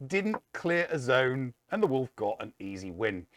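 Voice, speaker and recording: A man's voice: mid-range voice, very animated, unhurried, a bit bright, no room sound. A man co-hosting a casual gaming show, recapping matches with dry humor. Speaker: co-host.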